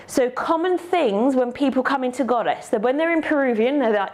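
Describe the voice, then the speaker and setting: A woman's voice: high voice, a little fast, hardly any pauses, a little mellow. A woman teaching a yoga class, cueing poses step by step in an encouraging way and slightly out of breath.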